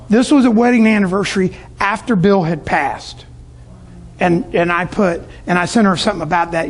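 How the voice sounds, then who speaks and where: A middle-aged man with a fairly high, husky voice addresses a room of business owners. He tells sales stories and slips into his customers' voices as he goes. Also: moderate pace. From Tampa, Florida. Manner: storytelling, acts out the voices of customers. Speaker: business speaker. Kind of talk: sales talk to a live audience.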